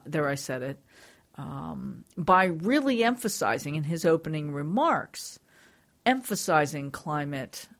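A woman co-hosting a talk show, chatting in a sarcastic, laughing way. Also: deep voice. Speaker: show co-host. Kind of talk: casual chat.

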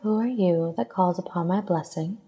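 A woman voicing a teasing female goddess in a soft, lilting, crooning way. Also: lowish voice, a little fast, gravelly, breathy edge.

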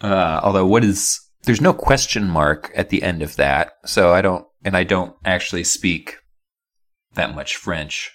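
A man's voice: sits low, measured pace, fairly bright tone. A man co-hosting a casual chat podcast, talking in exasperated, sarcastic banter. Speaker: podcast co-host.

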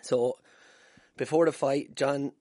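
A man's voice: mid-range voice, fairly even intonation, slow, darkish tone, no room sound, clean studio sound. An Irish man hosting a casual solo podcast from home, telling stories with swearing and self-deprecating humour. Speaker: podcast host. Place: room at home. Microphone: wired podcast mic.

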